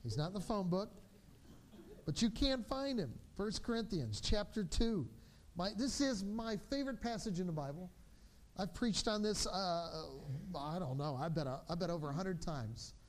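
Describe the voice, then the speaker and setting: Brief: male pastor, 40s, high-pitched voice, animated storytelling preacher who drops soft and low for reflection. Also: normal speed. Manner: animated storytelling, acting out his children's voices. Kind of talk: sermon.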